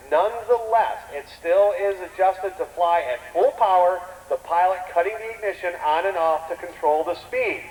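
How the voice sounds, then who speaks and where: A man announcing a live air show, excitable and showman-like, rallying the crowd, heard over an outdoor loudspeaker. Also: sits high. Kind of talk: live event commentary. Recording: distant echoey outdoor PA with noise.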